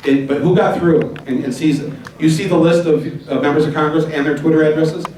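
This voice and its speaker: A man hosting a live town hall, rambling and urging the audience, spelling out web addresses slowly. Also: on the high side, steady tone, a little mellow, a little hiss or hum. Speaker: event host. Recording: echoey hall from far off.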